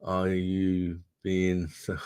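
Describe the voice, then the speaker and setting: A man's voice: low voice, a little mellow, clean tone, no echo. A man casually chatting on a livestream, swearing freely and calling his viewers mate. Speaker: livestream host reading chat. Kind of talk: casual live chat.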